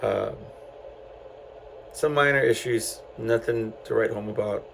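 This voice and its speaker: His voice lowish, creaky and a little slow, a middle-aged San Antonio, Texas podcast host rambles through a casual solo story packed with fillers and restarts. The recording is low quality, with a little hiss or hum.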